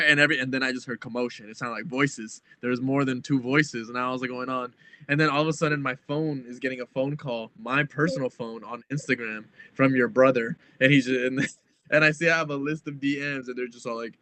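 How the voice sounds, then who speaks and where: A young man telling a story on a podcast, rambling and laughing as he acts out what people said. His voice sits at an ordinary middle pitch. It is recorded dry and close, with no room sound. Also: fairly even intonation, fairly quick, sharp tone, dry recording. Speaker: podcast guest. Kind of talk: casual storytelling.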